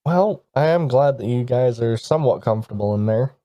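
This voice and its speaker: A man role-playing his character at a tabletop game, speaking with a dark, mellow voice. The sound is dry and close, with no room around it. He talks slowly and solemnly. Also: medium pitch, expressive, dry recording, dull audio. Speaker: player. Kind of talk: in-character role-play and casual table talk.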